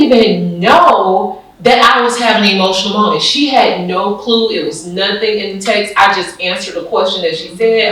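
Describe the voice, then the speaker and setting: A woman's voice: mid-range voice, moderate pace, few pauses, a bit bright. Heartfelt woman agent, roomy far sound. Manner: heartfelt, storytelling. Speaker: real estate agent. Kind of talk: casual panel talk. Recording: echoey room, mic far off.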